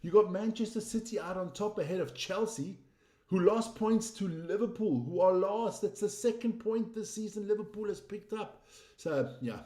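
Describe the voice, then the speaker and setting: A man's voice: sits high, moderate pace, dark tone. Chatty male sports news host, echoey room. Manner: chatty, opinionated, teasing. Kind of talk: casual sports results roundup. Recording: roomy echo.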